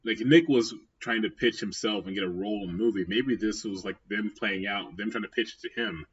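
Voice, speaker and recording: Laid-back podcast guy, low husky voice, kinda muffled lo-fi audio. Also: fairly quick. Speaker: podcast co-host. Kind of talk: casual chat. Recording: dull lo-fi sound.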